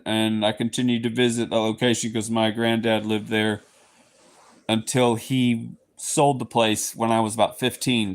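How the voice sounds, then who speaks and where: A man from Southeast Texas with a Texan accent, chatting casually with viewers on his livestream, playful and slipping into goofy voices. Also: mid-range voice. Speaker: livestream host. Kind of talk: casual live chat with viewers.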